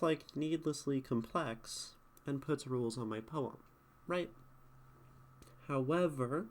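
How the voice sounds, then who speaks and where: A man streaming live, critiquing a viewer's poem casually, thinking aloud and checking in with chat. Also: fairly high pitch. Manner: thinking aloud, asks chat questions with many "right?"s.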